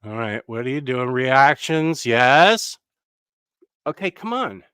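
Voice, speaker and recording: A man's voice: medium pitch, big pitch swings, slow, bright, forceful tone, smooth, no room sound, clean studio sound. A man hosting a casual live stream from home, rambling, interrupting himself and chatting with viewers. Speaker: livestream host. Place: home room.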